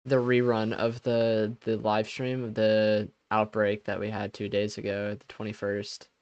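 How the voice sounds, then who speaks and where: A man's voice: on the low side, monotone, measured pace, darkish tone, clean tone, no room sound, muffled recording. A young man hosting a live stream, chatting casually with viewers. He laughs often and trails off mid-sentence.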